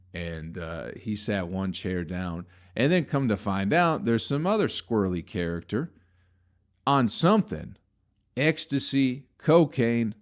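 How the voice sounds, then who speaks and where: Man, comedian podcast host, lowish voice, meandering storytelling, profane, exasperated asides.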